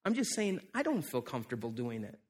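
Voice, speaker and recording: A man voicing a calm, dry-humored male church usher in a sermon story. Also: mid-range voice, brisk, husky, pitched below the performer's own voice.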